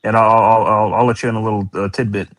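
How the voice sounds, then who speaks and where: A man with a deep, manly radio voice, chatting casually as a guest on a boxing livestream. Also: little pitch movement, fast talker, a bit bright, rough recording. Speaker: guest co-host. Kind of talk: casual chat.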